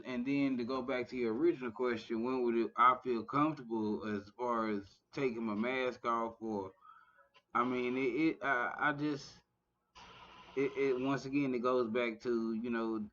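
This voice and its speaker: A man's voice: mid-range voice, a bit bright. Man in his 30s, podcast host, casual and rambling, dull lo-fi sound. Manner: loose, conversational, with many filler phrases. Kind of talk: casual chat. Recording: dull lo-fi audio.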